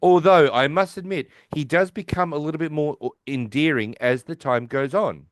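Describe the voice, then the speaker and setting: A man's voice: fairly high pitch, normal speed, dry recording. A man co-hosting a podcast, casually retelling a sitcom episode and acting out the characters' lines. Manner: rambling, acts out characters' lines while retelling. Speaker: podcast co-host. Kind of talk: casual episode recap chat.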